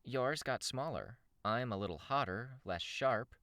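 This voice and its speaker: A man's voice: mid-range voice, animated, a little slow, bright, forceful tone, dry recording, studio quality, voice pushed up. A man voicing a friendly, playful young woman in an audiobook reading, with a chatty, easygoing manner. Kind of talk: audiobook character voice.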